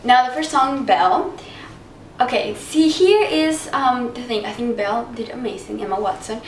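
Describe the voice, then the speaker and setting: A woman casually reviewing a film, chatty and animated, acting out quotes in high voices. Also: moderate pace. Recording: echoey room, distant mic, faint noise.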